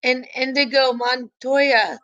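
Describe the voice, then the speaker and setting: A woman's voice: high voice, steady tone, slow, fairly bright tone, lo-fi sound. A woman teacher chatting with her class and reading quiz questions aloud in a live online review.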